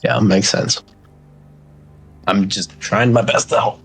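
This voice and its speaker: Man, tabletop player, low voice, casual. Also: fairly even intonation, slow pace, husky. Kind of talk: tabletop game play.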